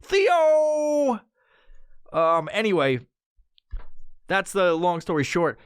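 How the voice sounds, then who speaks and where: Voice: medium pitch, moderate pace, a bit bright, no echo, clean studio sound. A podcast host telling a story in casual, profane talk, acting out the quotes with yelps and laughs.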